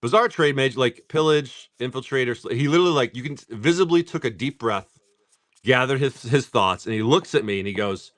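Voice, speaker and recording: A casual streamer, a man, talks his way through pack openings in a rambling, conversational way. His voice sits at an ordinary middle pitch. The recording is dry, with no room echo. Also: expressive, brisk, fairly bright tone. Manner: rambling storytelling broken up by calling out card names. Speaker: streamer opening trading card packs. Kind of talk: casual live-stream chat.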